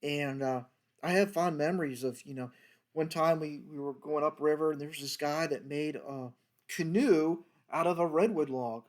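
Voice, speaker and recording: A man's voice: fairly high pitch, moderate pace. A man, a former federal agent, telling a story from his working days in a loose, rambling way, with many fillers and restarts. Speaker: retired federal fisheries agent telling stories. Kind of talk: casual storytelling monologue.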